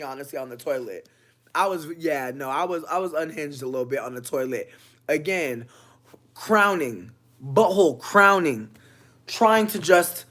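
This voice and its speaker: Cursing and full of energy, a female vlogger rants her way through a funny storytime, veering from loud outbursts to quiet muttering.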